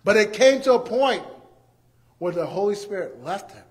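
A man's voice: high voice, normal speed. A man preaching a sermon, acting out everyday scenes and repeating key phrases for emphasis. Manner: animated, acts out everyday scenes.

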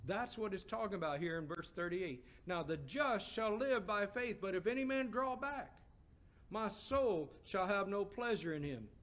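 A middle-aged man preaching a sermon, asking the congregation emphatic questions and dropping to a hushed voice for stories. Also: high voice, lively intonation, moderate pace.

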